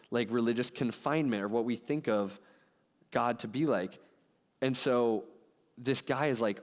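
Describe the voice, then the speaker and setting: A man delivers a sermon as a casual, animated retelling and keeps dropping "like" between phrases. His voice sits at an ordinary middle pitch. A long reverb from the church hall trails after each phrase. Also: moderate pace. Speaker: pastor. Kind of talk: conversational sermon storytelling. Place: church sanctuary.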